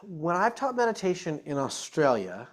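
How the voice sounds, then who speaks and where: A man's voice: on the high side, very animated, moderate pace. A man, a psychologist and author, answering audience questions at a live talk in a chatty, self-deprecating way. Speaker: author and psychologist being interviewed. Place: event room with live audience. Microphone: shared microphone.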